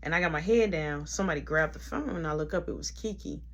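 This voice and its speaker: A man telling a casual storytime story, animated and conversational, with frequent asides. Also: a little high, fast, creaky.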